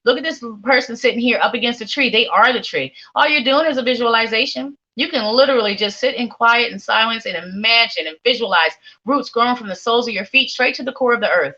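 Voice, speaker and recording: Woman reading tarot cards on a live stream, sleepy but chatty, bright voice, a bit dull lo-fi sound. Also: on the high side, fast, few pauses. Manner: warm, rambling, repeats phrases, talks straight to viewers. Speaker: psychic tarot reader.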